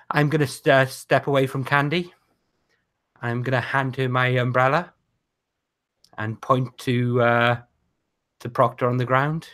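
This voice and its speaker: A man's voice: mid-range voice, little pitch movement, unhurried, long pauses, a bit bright. Man describing his game moves. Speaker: player. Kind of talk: casual tabletop game play.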